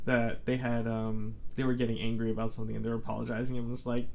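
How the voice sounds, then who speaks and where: A man's voice: medium pitch, monotone, quick pace, creaky, darkish tone. A man who works as a therapist, talking on a podcast in a reflective way and explaining his approach at length. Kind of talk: casual podcast chat.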